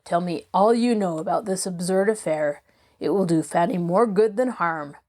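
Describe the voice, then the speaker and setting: Woman doing a stern angry father, clipped, a bit lower, dark tone, storybook. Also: normal speed, natural voice.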